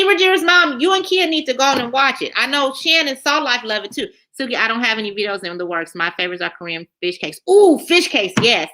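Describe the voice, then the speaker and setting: Chatty, bright-voiced woman host. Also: on the high side. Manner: chatty, animated, repeats herself. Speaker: channel host reading live chat. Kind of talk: casual livestream chat.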